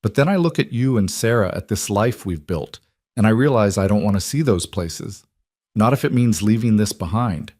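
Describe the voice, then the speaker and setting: A man voicing a quiet, devoted young frontier husband who speaks low and earnestly. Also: lively intonation, normal speed, dry recording, studio quality. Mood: tender.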